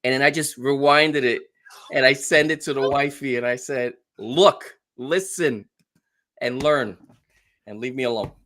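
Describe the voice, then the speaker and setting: A man's voice: medium pitch, a little slow, fairly bright tone, a little hiss or hum. A middle-aged man with a thick New York accent from the Bronx, talking bluntly and plainly as a guest on a casual show. He laughs easily between his short, straightforward sentences. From the Bronx, New York City. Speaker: guest streamer. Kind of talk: casual interview chat.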